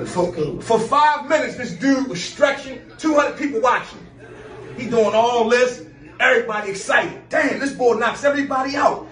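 A man's voice: very high-pitched, a bit bright. A man animatedly telling a story about a fight, acting out the voices and sound effects. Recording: roomy distant clip with music.

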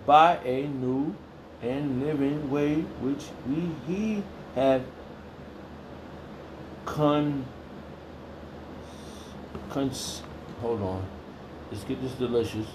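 A man reading and preaching from the Bible at home in an informal way. He rambles and repeats himself, swings between loud exclamations and low muttering, and talks in a crude, heated way. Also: expressive, takes it slowly, long pauses, background noise. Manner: repeats phrases, restarts often.

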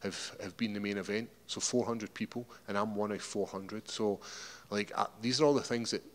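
A man's voice: on the low side, fairly even intonation, moderate pace. A man with a Scottish accent, a fighter at a media day interview, rambling and repeating words as he talks. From Scotland. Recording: echoey hall.

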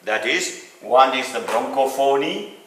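A man's voice: mid-range voice, lively intonation, measured pace, a bit bright, slight background noise. A man teaching a clinical lecture, explaining step by step and repeating key terms. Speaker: medical teacher. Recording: echoey room, mic at a distance.

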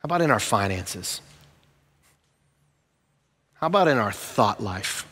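Animated pastor, man, hall reverb. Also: on the low side, breathy edge. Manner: animated storytelling with sudden hushed, slow emphasis. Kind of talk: sermon.

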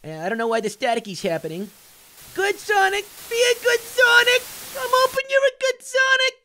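A man's voice: sits high, racing, lightly acted. A man voicing a jittery, wisecracking talking orange who hosts cartoon game commentary, yelping and joking as he plays. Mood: scared. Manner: jumpy, yelps and shouts when startled, jokey asides. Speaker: gaming host. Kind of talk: cartoon let's-play commentary.

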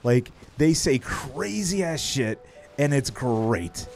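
A man's voice: mid-range voice, lively intonation, takes it slowly, creaky, a little mellow, faint music behind. A man streaming a game, chatting casually, swearing freely and laughing often as he rambles with restarts. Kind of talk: casual live-stream chat while gaming.

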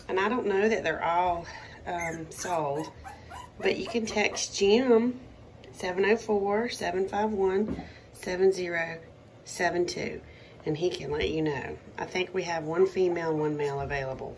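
A woman showing a litter of puppies in a casual vlog, talking softly and often dropping to a cooing whisper. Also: on the low side, unhurried, noisy background. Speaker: dog breeder showing puppies.

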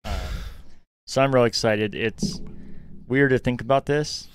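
A man co-hosting a casual gaming podcast, talking in an excitable, chatty way with lots of "like" fillers. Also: medium pitch, measured pace, clear, resonant tone, dry recording. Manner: chatty, excitable gamer talk with frequent "like" fillers. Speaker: podcast co-host. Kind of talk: casual chat.

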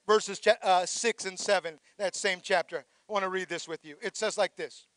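High-voiced preaching pastor, close and dry. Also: male voice, steady tone, normal speed, no echo. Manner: preaching, swells to shouted calls for praise; drops low and quiet for reflective passages. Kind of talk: sermon.

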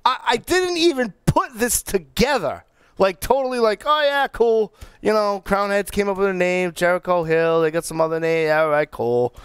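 A middle-aged man co-hosting a casual podcast, talking excitedly with many restarts and fillers. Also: high-pitched, moderate pace, hardly any pauses, smooth, dry recording, clean studio sound. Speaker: podcast co-host reviewing cigars. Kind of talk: casual chat.

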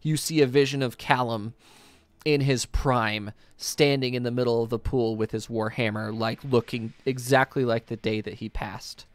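A man running a tabletop game, narrating a scene at length in a rambling, vivid way with frequent fillers. His voice is mid-pitched and the sound is dry and close. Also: steady tone, moderate pace, no room sound. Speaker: game master.

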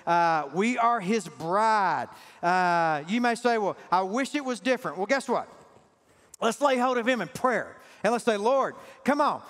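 A man's voice: sits high, lively intonation, unhurried, a bit bright. A man preaching a sermon to his congregation, emphatic and calling out to the people. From Southern US. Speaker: pastor. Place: large church sanctuary. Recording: reverberant church hall, faint music.

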